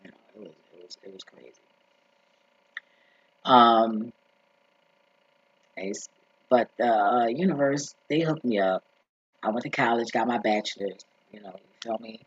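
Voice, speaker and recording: Against a noisy background, a male vlogger with a medium-pitched voice tells a story unhurriedly, pausing often. He's blunt and profane, rambling through asides and repeatedly saying "you feel me," all on a dull lo-fi recording.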